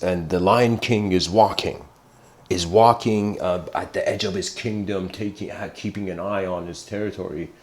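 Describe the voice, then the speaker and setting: Male lecturer with a very low voice who rambles through a parable and clears his throat often. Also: a little mellow. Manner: meandering storytelling, frequent throat clearing. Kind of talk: livestreamed philosophical lecture.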